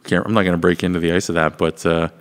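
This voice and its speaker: Low-voiced man with long reverb. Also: flat delivery, fast talker. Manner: rambling, profane, explains at length. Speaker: podcast host. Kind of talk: casual podcast chat.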